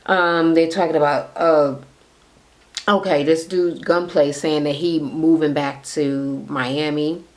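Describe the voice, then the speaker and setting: A woman's voice: sits low, fairly even intonation, takes it slowly. A woman recapping a reality show in casual, profane chatter, blunt and sarcastic as she talks to camera. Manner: blunt and sarcastic, with frequent swearing.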